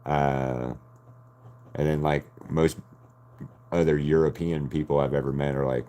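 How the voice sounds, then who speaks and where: A man's voice: rumbling low, level tone, measured pace, pauses often, dark tone. An American man chatting casually with his stream audience while drawing, rambling from one thought to the next and laughing often. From United States. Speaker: artist streaming to chat.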